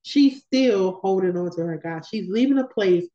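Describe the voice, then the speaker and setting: A woman's voice: medium pitch, lively intonation, moderate pace, warm tone, muffled recording. A woman leading a women's Bible study, reading scripture and talking it through in a conversational way with emphatic repetitions. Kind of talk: scripture reading with casual commentary.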